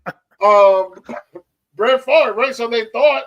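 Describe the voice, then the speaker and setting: High male voice, animated sports co-host, emphatic casual delivery. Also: measured pace, highs cut off. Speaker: co-host, Mets fan.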